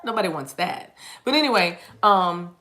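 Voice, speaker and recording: A woman's voice: on the low side, lively intonation, normal speed, bright, forceful tone. A woman giving a casual, rambling tarot reading to camera, chatty and playful, often restarting her sentences. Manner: chatty and playful, jumps into silly voices and laughs. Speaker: tarot reader.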